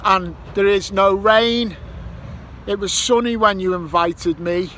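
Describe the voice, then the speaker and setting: A man's voice: high-pitched, slow, a bit bright. Sweary man grumbling outdoors. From Ireland. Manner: sweary, grumbling, improvises rhymes. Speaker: metal detecting vlogger. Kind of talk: casual vlog monologue. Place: outdoors by a roundabout near a petrol station. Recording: faint traffic noise outdoors. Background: passing traffic.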